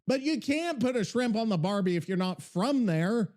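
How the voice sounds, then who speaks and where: With a high-sitting, slightly mellow voice, this podcast host talks animatedly at a moderate pace during a casual live chat. He rants in exasperation, curses, and keeps asking the same questions again.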